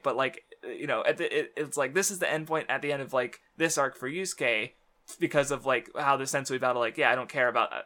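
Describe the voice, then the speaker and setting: Male podcast co-host, casual manga chat, bright voice, rambling with lots of fillers. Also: mid-range voice. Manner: rambling, many fillers and restarts.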